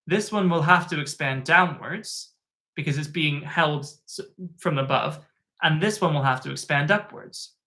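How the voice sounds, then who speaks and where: A man who works as a tutor, telling an anecdote in a chatty, animated way with plenty of fillers. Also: a little high, a little slow. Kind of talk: casual spoken anecdote.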